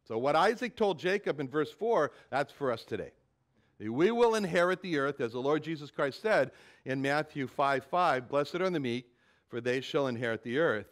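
A man preaching a Bible sermon to his congregation, animated and dramatic when he quotes scripture, often repeating words as he thinks. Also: fairly high pitch, moderate pace. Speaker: pastor.

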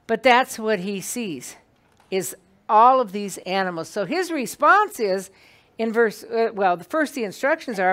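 A woman leads an evening Bible class in a meeting room, her voice sitting fairly high. She teaches in a chatty, animated way, often stopping to put questions to the group in front of her. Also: normal speed.

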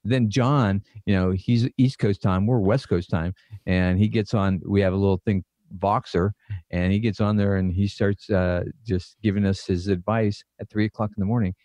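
A man co-hosting a casual podcast, telling a story in an easygoing, amused way. His voice sits somewhat low and sounds dry and close. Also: steady tone, normal speed, mellow, no echo. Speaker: podcast co-host, shop owner.

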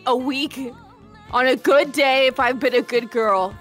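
A woman's voice: high-pitched, unhurried, fairly bright tone, soft background music. A young woman guesting on a live stream, playful with a dramatic, complaining streak. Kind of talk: casual live-stream chat.

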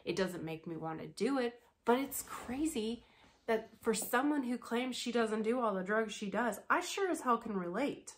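A woman talking frankly in a casual commentary vlog, blunt and quick to laugh. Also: on the high side, lively intonation. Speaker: commentary vlogger.

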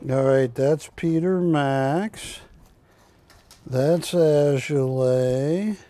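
Speaking in a mellow, rather high voice at an extremely slow pace, a man hosts a live shopping channel show from a TV studio. He tells rambling anecdotes about the art he's selling, correcting himself along the way.

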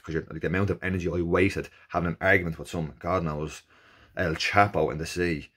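Deep-voiced Irish man telling a story. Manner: animated, jokey, acts out quoted exchanges in raised voices. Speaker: vlogger recounting his first Ironman. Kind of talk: casual storytelling.

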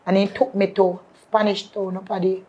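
A woman's voice: mid-range voice, flat delivery, moderate pace, dark tone, muffled recording. A woman with a Jamaican accent sharing an emotional personal testimony in patois and often calling out to the faithful. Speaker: guest.

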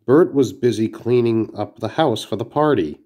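A man's voice: medium pitch, moderate pace, mellow. A man reading a children's storybook aloud, carefully, with small slips and restarts. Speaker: narrator.

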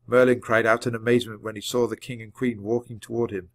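A man reading a children's book aloud at a clear, measured pace. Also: mid-range voice, little pitch movement, dry recording. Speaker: storybook reader.

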